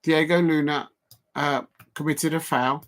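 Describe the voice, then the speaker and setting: An excitable middle-aged man gives live watch-along commentary on a football match. He talks in a loose, chatty way, reacts to the action as it happens and speaks directly to his viewers. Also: fairly high pitch, a little slow. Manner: excitable, chatty, reads out chat.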